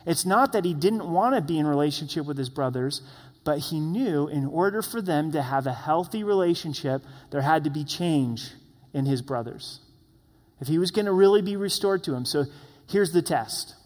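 Male preacher, slightly high voice, earnest sermon delivery, long hall reverb. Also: animated, moderate pace, a little mellow. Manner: earnest, acts out quoted voices. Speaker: pastor.

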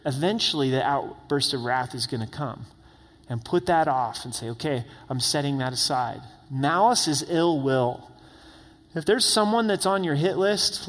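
Pastor preaching in a reverberant hall. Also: male voice, on the high side. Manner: conversational, with tag questions and voiced quotes. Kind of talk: sermon. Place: church sanctuary.

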